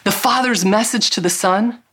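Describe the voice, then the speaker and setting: A woman's voice: mid-range voice, normal speed, a bit bright, a little hiss or hum. A middle-aged woman giving a devotional teaching talk, earnest and emphatic, drawing out key words. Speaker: Christian speaker.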